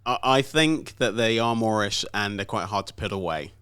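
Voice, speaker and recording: A man's voice: on the low side, moderate pace, fairly bright tone, smooth, dry recording. A British man co-hosting a podcast, chatting casually with many small hesitations. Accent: British English. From Britain. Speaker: podcast co-host. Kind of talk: casual chat.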